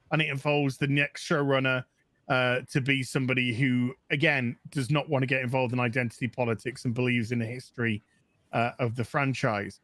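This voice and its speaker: A man talking casually on a livestream panel, blunt and swearing freely, and mocking others with quick impressions. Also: mid-range voice, dry recording.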